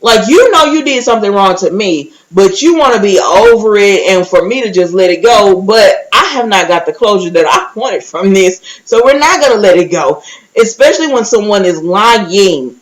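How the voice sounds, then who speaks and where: A woman talking through a recap in a loose, conversational way, with a mid-range voice that is neither high nor low. She keeps the story moving with animated asides and quick little impressions of what other people said. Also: low-quality recording. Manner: quick acted-out quotes of others. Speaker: recap vlogger. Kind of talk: casual reality-TV recap.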